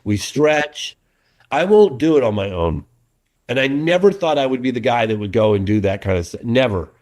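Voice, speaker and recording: A middle-aged man, the guest of an interview, talks in an even, middling register. He is an animated, earnest storyteller who keeps pressing his points. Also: medium pitch, normal speed. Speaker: documentary filmmaker, interview guest. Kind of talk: casual interview chat.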